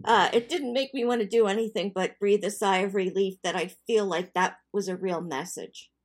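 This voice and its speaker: An older woman chatting as co-host with her son, animated, giggly and emphatic. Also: medium pitch, moderate pace. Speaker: co-host, the host's mother. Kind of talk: casual chat.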